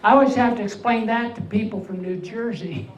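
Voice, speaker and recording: An older man with an unusually high voice doing a stand-up comedy set, delivering deadpan one-liners with pauses before each punchline. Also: dull audio. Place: veterans' hall event room. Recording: echoey hall, mic far off, faint hum.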